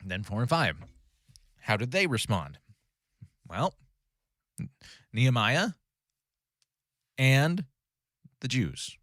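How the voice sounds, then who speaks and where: A man leads a relaxed Bible study in a mid-pitched voice, talking through a passage conversationally and often stopping to correct himself or ask "right?" The sound is close and dry, with little room in it. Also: extremely slow, pauses often, dry recording. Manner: conversational, frequent fillers and self-corrections, "right?" check-ins. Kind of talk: casual Bible study teaching.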